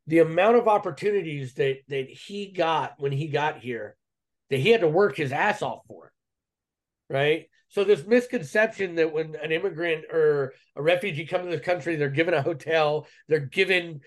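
A man's voice: fairly high pitch, moderate pace. Earnest, rambling man telling his story. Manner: earnest, rambling, heavy fillers and restarts, says "man" and "dude". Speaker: interview guest. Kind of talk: casual personal storytelling.

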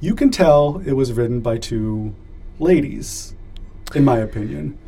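A man's voice: mid-range voice, lively intonation, measured pace, gravelly, mellow, breathy edge. A man hosting a podcast in casual chat, upbeat and leading the conversation. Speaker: podcast host.

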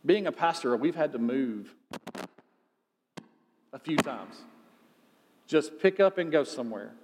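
A man's voice: on the high side, lively intonation, a little slow, darkish tone, big-room sound, slight background noise. A male pastor giving a sermon in a conversational way, asking rhetorical questions.

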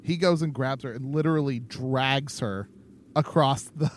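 A man's voice: medium pitch, moderate pace, a little hiss or hum. A man co-hosting a podcast in casual chat, jokey and playful, laughing often. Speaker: podcast co-host.

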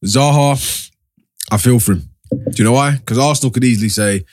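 A man's voice: medium pitch, a little fast. A man, talking football as a podcast co-host in emphatic, slangy banter. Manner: emphatic, slangy, laughs easily. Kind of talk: casual football chat.

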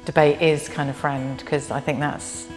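Low, flat-voiced woman interviewer. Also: normal speed. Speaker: host and interviewer. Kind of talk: gentle interview questions and reflection. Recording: long reverb with faint guitar music.

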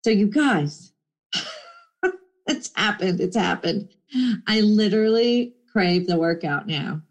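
A middle-aged woman chatting casually to her viewers, bubbly and animated, slipping into playful voices for quoted people. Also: mid-range voice, slow. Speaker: vlogger.

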